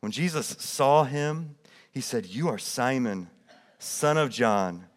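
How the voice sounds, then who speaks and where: A man preaching a sermon, reading scripture aloud and explaining it, rising in emphasis and then dropping quiet. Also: expressive, takes it slowly. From United States. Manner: drops soft and low when quoting quiet words. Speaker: pastor.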